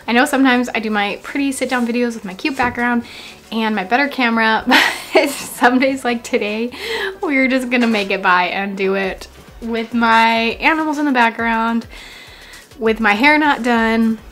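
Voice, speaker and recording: A woman's voice: on the high side, fairly bright tone. A young woman vlogging casually from home, chatty and apologetic, short of breath. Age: young adult. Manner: chatty, apologetic, laughs often. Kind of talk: casual pregnancy update vlog.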